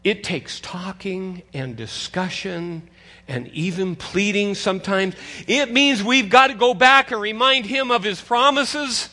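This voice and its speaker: An older man preaching a sermon as pastor, conversational and animated, teasing his congregation. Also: high-pitched, a little slow.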